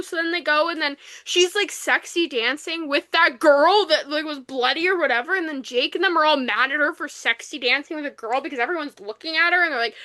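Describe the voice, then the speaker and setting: A woman's voice: sits high, a little fast, few pauses, bright, forceful tone. A woman co-hosting a book podcast, casually rambling through a plot recap with lots of "like" and the odd swear word. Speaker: podcast co-host. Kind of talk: casual book review chat.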